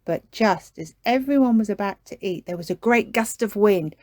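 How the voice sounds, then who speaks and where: A woman reading a children's storybook aloud, gentle and unhurried. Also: mid-range voice, animated, dry recording, studio quality.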